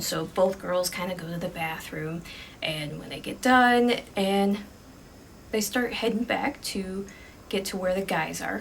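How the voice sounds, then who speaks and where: A woman's voice: medium pitch, vocal fry, distant mic, a little hiss or hum, low-quality recording. A woman telling an improvised ghost story in a casual, conversational way, full of fillers.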